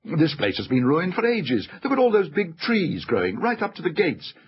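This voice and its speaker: A man's voice: fairly high pitch, huge pitch swings, normal speed, highs cut off, voice pushed up. A man voicing a skeptical, blunt boy who raises objections, in an audiobook.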